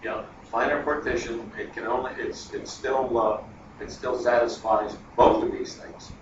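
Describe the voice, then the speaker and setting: A man's voice: mid-range voice, fairly even intonation, measured pace. A man giving a math lecture at a board, chatty and digressive, thinking aloud as he goes. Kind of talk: classroom lecture. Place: classroom. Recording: echoey classroom, distant lo-fi mic, noisy.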